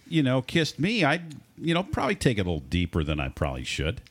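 A man's voice: medium pitch, wildly swooping pitch, fast talker. A man co-hosting a radio talk show, teasing the others sarcastically. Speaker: radio co-host.

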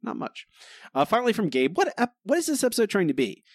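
A man's voice: high-pitched, wildly swooping pitch, fast talker, no room sound, clean studio sound. A man co-hosting a podcast, chatting casually and giving sardonic verdicts on an episode. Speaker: podcast co-host. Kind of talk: casual chat.

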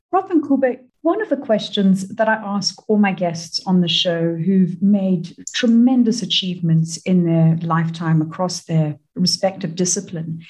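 A woman's voice: lowish voice, a little mellow. A woman hosting a radio show, who affirms her guest and asks reflective questions. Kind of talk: radio interview.

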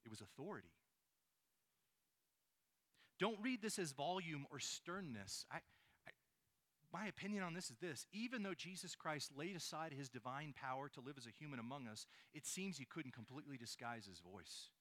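A male pastor delivering a sermon in a bright, somewhat high voice. His pitch rises and falls a great deal as he preaches, and he keeps posing rhetorical questions to his congregation. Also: lively intonation, moderate pace.

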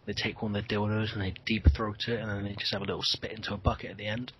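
Deep, very husky-voiced man guesting on a podcast; dry, deadpan crude humour. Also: very fast, highs cut off. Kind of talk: casual podcast chat.

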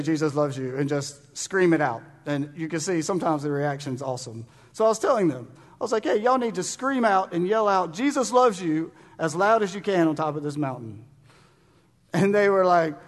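Male pastor, high voice, fervent and urging sermon delivery, long hall reverb. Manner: fervent, urging, with sudden loud bursts and quiet drops. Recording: long reverb of a large room.

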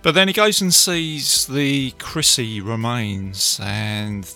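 A man casually recapping a film, chatty and enthusiastic, tossing in quick impressions of lines. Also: mid-range voice, fairly even intonation, gravelly, pushed and bright, soft background music. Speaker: film reviewer.

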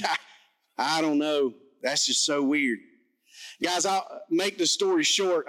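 A man preaching a sermon as pastor, telling a story in an animated, self-mocking way. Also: sits high, low-quality recording.

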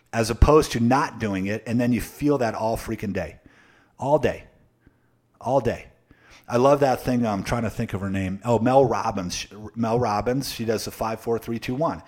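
Speaking directly to the camera, a male sales coach gives a motivational live-stream talk, hammering home his points by repetition and checking in with frequent tag questions. His voice is mid-pitched for a man and a little mellow.

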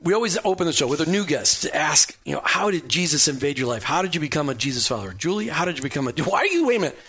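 A man hosting a talk radio show, with a voice a little higher than most men's. He keeps the talk upbeat and jokey and likes to tease his guests. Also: very animated, rapid-fire, bright, forceful tone, slightly rough.

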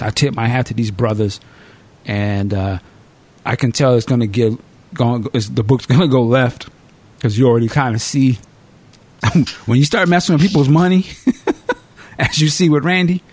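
Animated storytelling podcast host, a man. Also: mid-range voice, moderate pace, pauses often. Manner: animated storyteller, swears freely. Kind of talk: casual podcast chat.

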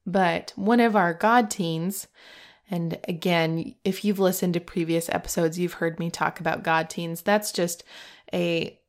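Woman, middle-aged, slightly low voice, heartfelt faith storytelling, podcast host, emotional. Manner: heartfelt, emotional, laughs through tears.

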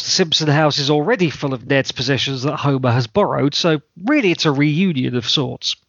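A podcast host recaps an episode with semi-deadpan, dry wit, his pitch bouncing around freely in a voice that sits a touch high for a man. The sound is dry and close, dull and lo-fi in tone, with no echo.

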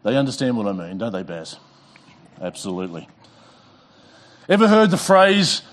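A middle-aged man preaching a sermon in church, emphatic, rising in pitch and volume when reading scripture and slowing down to stress key words. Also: big pitch swings. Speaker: pastor. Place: church sanctuary.

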